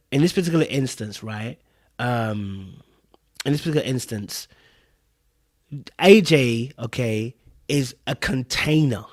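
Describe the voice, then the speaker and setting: A man's voice: mid-range voice, darkish tone. A man hosting a live podcast stream, reacting to a reality show clip in casual, emphatic commentary, repeating himself and talking straight to viewers. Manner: emphatic, repetitive, addresses viewers and chat directly.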